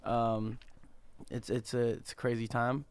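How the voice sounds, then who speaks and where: A man chats casually as a regular podcast guest. He often restarts his sentences and repeats words. His voice is mid-pitched and dry, recorded close to the mic. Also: flat delivery, a little mellow, smooth, dry recording. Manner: halting, repeats words as he starts. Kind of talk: casual chat.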